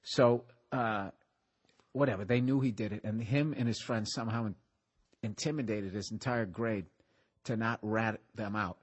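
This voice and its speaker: A man, hosting a podcast and telling a story in a profane, animated way. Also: on the low side, normal speed, husky. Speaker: podcast host. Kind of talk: casual storytelling chat.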